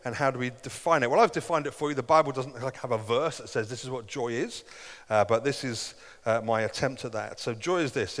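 A man's voice: medium pitch, brisk, a bit bright. A middle-aged man preaching a sermon as pastor, earnest and conversational, acting out quoted voices. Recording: long hall reverb.

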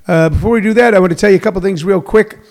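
A man's voice: sits high, racing, gravelly, darkish tone. A middle-aged man hosting a comedy podcast in a rambling, self-correcting way, full of fillers. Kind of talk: casual solo radio-style show.

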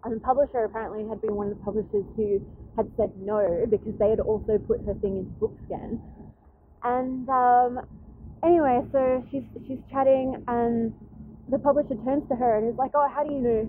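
A woman, host of a casual podcast, tells a long story in a loose, rambling way, full of "like" and "anyway". Her voice sits a little high and comes through a thin, phone-like recording with a faint hiss behind it. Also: fairly even intonation, moderate pace. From Australia. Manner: chatty, rambling with many fillers and restarts. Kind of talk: casual chat, retelling a story. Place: outdoors in a city, planes overhead. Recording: tinny phone-like recording, faint background noise.

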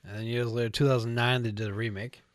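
A man's voice: medium pitch, flat delivery, quick pace, dry recording. A man co-hosting a casual movie chat, dropping dry quips and short replies. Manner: dry one-liner quips. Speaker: podcast co-host.

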